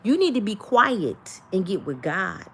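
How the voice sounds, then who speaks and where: Lively preachy grandmother streamer. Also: medium pitch, a little slow, slight background noise. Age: older. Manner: animated preachy chatter, talks to viewers. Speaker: livestream host. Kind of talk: casual livestream talk.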